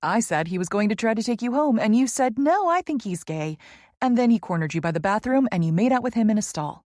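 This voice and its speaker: Brassy teasing gal pal, high and playful, woman reader doing the voice. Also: animated, fairly quick, a little mellow, no room sound, studio quality, natural voice.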